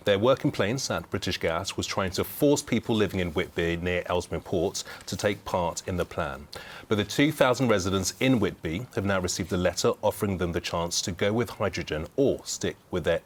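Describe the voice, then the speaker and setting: A man co-presenting regional TV news, reading stories in a steady, formal manner. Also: deep voice.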